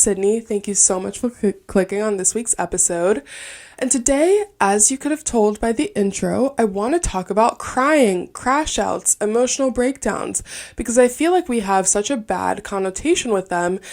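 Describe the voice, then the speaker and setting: Her voice sits at medium pitch, gravelly and somewhat dark in tone. She's a woman in her twenties running her own podcast, talking alone and casually as she recounts personal stories in a candid, filler-heavy, chatty way.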